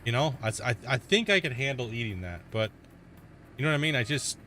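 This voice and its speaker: Casual male gamer, slangy dude-and-bro talk, mid-pitched voice, faint noise in the background. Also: big pitch swings, quick pace, bright, forceful tone. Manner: laid-back slangy chatter, says dude and bro. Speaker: gaming streamer. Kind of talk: casual let's-play commentary.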